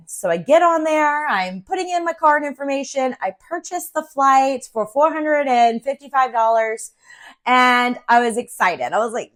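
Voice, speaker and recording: A middle-aged woman from Central Virginia, a real estate agent, telling a personal story in a chatty, animated way with plenty of fillers. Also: high voice, measured pace. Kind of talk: casual storytelling vlog.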